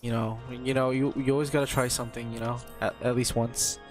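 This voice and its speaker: A man's voice: mid-range voice, flat delivery, a little fast, faint music behind. A man streaming a game, chatting casually, joking and swearing freely. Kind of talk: casual gaming stream chat.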